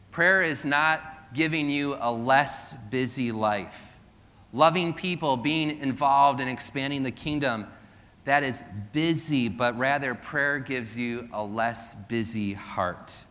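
A middle-aged male pastor preaches with a bright, forceful voice, mixing scripture with wry self-deprecating asides. He throws rhetorical questions at the congregation, and his words trail off in the long reverb of a church hall. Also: medium pitch. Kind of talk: sermon.

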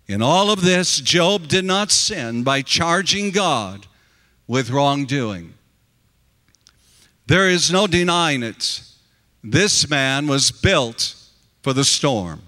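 A man's voice: on the high side, expressive, takes it slowly, long pauses, bright, forceful tone, long reverb tail. A man preaching a sermon in an earnest, emphatic way, addressing the congregation directly.

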